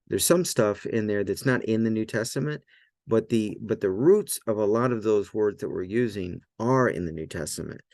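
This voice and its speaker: A man teaching a language lesson in a relaxed, loose way, often checking in with "right?" and filler words. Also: lowish voice, no room sound, studio quality. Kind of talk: casual explanatory lesson.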